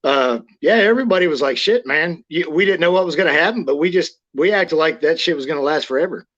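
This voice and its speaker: A man's voice: fairly high pitch, lively intonation, fast, lo-fi sound. A man telling blunt, profane stories as an interview guest, acting out the lines he quotes. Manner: blunt, swears constantly, acts out quotes loudly. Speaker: interview guest, former wrestler. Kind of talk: casual storytelling, profane.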